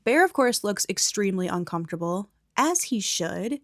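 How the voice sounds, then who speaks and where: A young woman gives a soft-spoken ASMR film recap, sliding between a quiet voice and breathy whispers. Her commentary is casual and frank, with a bit of swearing. The sound is close and dry, with no room around it. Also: medium pitch, very animated, normal speed, no echo. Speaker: movie recap host.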